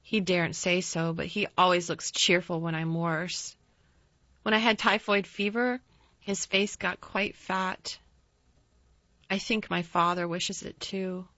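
A woman's voice: fairly low pitch, steady tone, a little slow, sharp tone, no echo. A woman voicing a sickly, petulant young boy who talks in a cross, restless, complaining way, in a slightly dull, dry recording.

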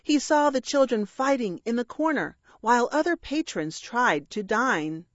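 Slow-reading woman storyteller. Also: fairly high pitch, dry recording, muffled recording. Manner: measured, expressive rhyming delivery. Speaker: narrator. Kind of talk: rhyming storybook read-aloud.

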